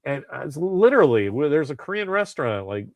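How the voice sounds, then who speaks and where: A man's voice: a little high, sing-song, fairly quick, no echo. A man co-hosting a podcast, chatting casually and rambling with restarts and swearing. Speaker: podcast co-host. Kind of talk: casual chat.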